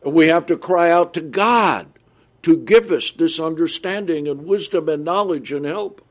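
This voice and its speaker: A man preaching a Bible study sermon, reading scripture aloud slowly and adding his own comments. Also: on the high side. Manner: often checks in with the listeners.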